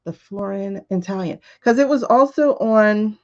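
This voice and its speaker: Gravelly-voiced woman chatting on a livestream. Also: mid-range voice, measured pace, muffled recording. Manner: rambling, chatty storytelling, reacting to viewer comments. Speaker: tarot reader and livestream host. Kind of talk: casual livestream chat.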